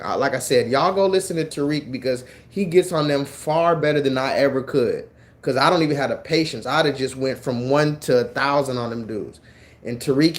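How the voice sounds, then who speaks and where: A man hosting a livestream, talking casually in an animated, mocking and then preachy way. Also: fairly high pitch. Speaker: livestream host.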